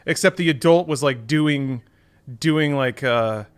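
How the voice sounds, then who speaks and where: A man's voice: fairly high pitch, measured pace, clear, resonant tone. A man co-hosting a podcast, chatting casually and riffing playfully in long rambling turns. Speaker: podcast co-host. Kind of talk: casual chat.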